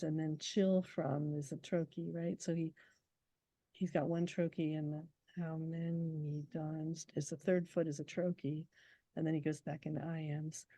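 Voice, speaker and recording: A middle-aged woman poet talking casually in an interview, animated, sometimes quick and laughing as she explains. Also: deep voice, dry recording. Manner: animated, fast when excited, laughs while explaining.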